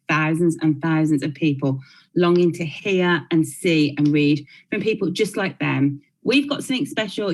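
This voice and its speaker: A woman's voice: deep voice, darkish tone, low-quality recording. A woman in her thirties from Birmingham with a Brummie accent, giving a chatty panel talk full of likes and restarts. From Birmingham, England. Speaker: blogger and panel speaker.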